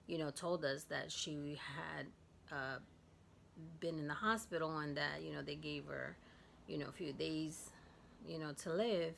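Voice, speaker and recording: A woman from Guatemala telling a personal story in a vlog, soft and halting, with many fillers. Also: low-pitched, creaky, a little hiss or hum. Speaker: vlogger.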